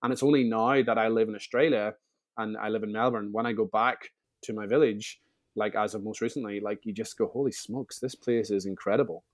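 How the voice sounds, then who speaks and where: A man's voice: on the low side, fairly even intonation, fairly quick. A man, telling stories as a guest in a casual interview, chatty and full of restarts. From Northern Ireland. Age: 30s.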